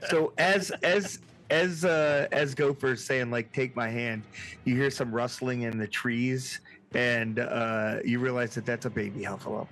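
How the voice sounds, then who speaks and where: A man narrates a tabletop horror game as its game master. His voice sits at an ordinary middle pitch. He talks casually and hesitantly, with plenty of filler words. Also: measured pace, fairly bright tone.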